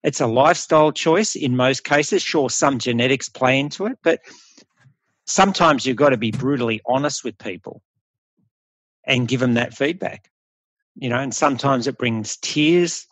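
A man's voice: medium pitch, normal speed, a bit bright, no echo. A middle-aged Australian man, a health coach, talking bluntly and animatedly in a casual podcast conversation, swearing freely.

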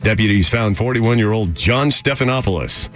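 A man's voice: on the low side, normal speed, soft background music. A man, a radio show co-host, reading an odd news story in a mock newscaster voice and often laughing. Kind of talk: casual banter reading news.

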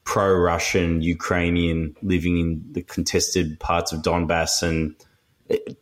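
A male podcast host with a very deep voice chats casually with his guest. He sounds relaxed and conversational. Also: takes it slowly.

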